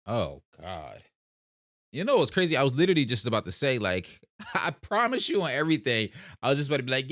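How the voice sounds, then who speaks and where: A man's voice: mid-range voice, sing-song, brisk, a bit bright, no room sound, clean studio sound. A young man from South Jersey with a South Jersey accent, hosting a laid-back livestream and chatting casually as he answers comments. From South Jersey, USA. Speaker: livestream host. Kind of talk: casual live-stream chat reading comments.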